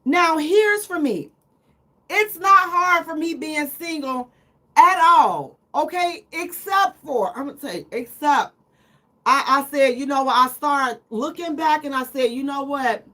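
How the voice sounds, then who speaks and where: A woman's voice: sits high, expressive, measured pace, sharp tone. A middle-aged woman hosting a live radio talk show, telling teasing, self-mocking stories in a casual chat.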